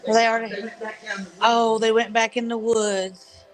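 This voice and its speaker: A woman's voice: a little high, little pitch movement, unhurried, soft background music. A woman on the line in a casual chat, shy and giggly, giving brief answers.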